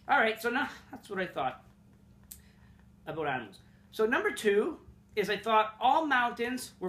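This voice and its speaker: A high-pitched, bright and forceful voice belongs to a young man from Montreal, Canada, who rambles, curses and mocks himself while sharing funny childhood stories for a casual vlog. He's in a room in his apartment, and the sound is reverberant.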